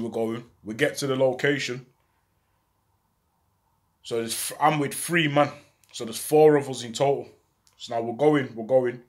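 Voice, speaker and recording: A young man telling a story in street slang, acting out the voices he quotes. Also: fairly high pitch. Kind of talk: casual storytelling.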